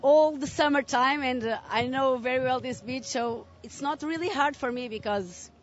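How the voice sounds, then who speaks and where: A woman's voice: sits high, normal speed, lo-fi sound. Friendly female athlete, simple phrasing. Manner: friendly, simple second-language phrasing, laughs easily. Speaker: interviewed athlete. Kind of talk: post-heat interview.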